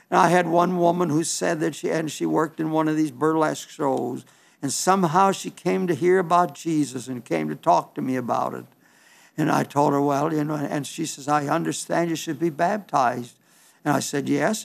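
An older man preaching a sermon on the radio, earnest and pleading, slow and emphatic. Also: on the high side, creaky.

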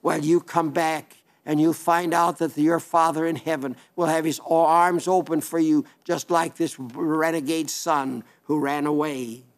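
Older man, preacher, high voice, earnest pleading sermon, repeats phrases. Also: fairly even intonation, a little slow.

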